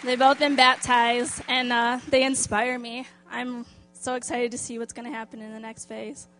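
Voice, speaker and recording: A woman's voice: on the high side, level tone, moderate pace, music in the background, a crowd in the background. A woman sharing a church testimony about volunteering, speaking with frequent hesitant fillers. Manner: warm, hesitant, with many fillers. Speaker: driver and program volunteer.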